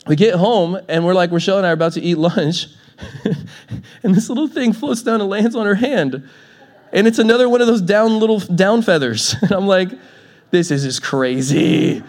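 Playful high-voiced male pastor preaching. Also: normal speed. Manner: playful, laughs often, animated storytelling. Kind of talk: sermon.

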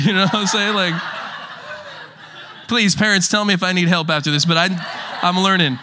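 A man's voice: high voice, steady tone, a little fast, pauses often, noisy background. A young man preaching a casual sermon, rambling with frequent restarts and chuckling through stories. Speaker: pastor.

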